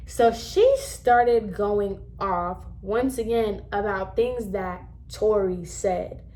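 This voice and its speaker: A woman in her twenties telling a casual story to camera, animated and emphatic as she acts out scenes. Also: medium pitch, slow, few pauses.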